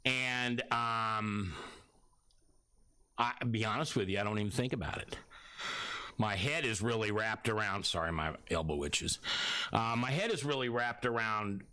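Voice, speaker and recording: A radio host talks about his book, his lowish voice pushed, bright, and clean, at a measured pace with long pauses and no room sound. In a relaxed chat he rambles through a long personal story, cutting himself off to restart and voicing the words others said to him.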